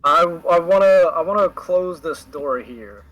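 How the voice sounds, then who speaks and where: A man's voice: on the high side, measured pace, a bit bright, lo-fi sound. A man playing a tabletop game, hesitant and stammering. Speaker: player.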